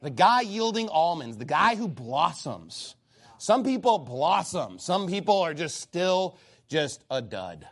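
Male preacher, lively high delivery, blunt, reads and paraphrases scripture. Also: slow pace. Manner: animated and blunt, quoting scripture and acting out God's voice. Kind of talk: sermon.

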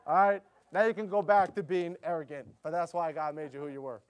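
This preacher, a middle-aged man, moves fairly quickly through a casual sermon told mostly in stories. His voice is a touch higher than typical for a man, his speech is loaded with "you know," and he becomes louder and livelier when excited.

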